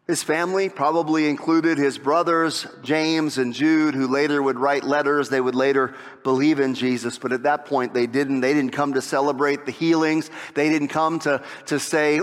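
A male pastor preaching a sermon, animated, often acting out the voices of the people in his story. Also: fairly high pitch, moderate pace. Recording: long hall reverb.

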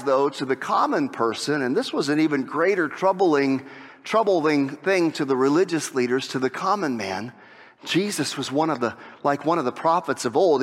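A male pastor preaching a sermon, animated, often acting out the voices of the people in his story. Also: sits high. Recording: long hall reverb.

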